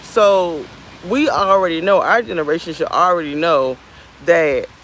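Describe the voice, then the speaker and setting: A woman's voice: on the low side, measured pace, low-quality recording. A woman in her thirties chats to the camera in a loose, rambling way, getting fired up as she goes. She talks outdoors on a beach, with a faint hum of outdoor sound behind her. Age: 30s. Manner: candid, rambling, animated. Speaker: vlogger. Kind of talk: casual talk to camera.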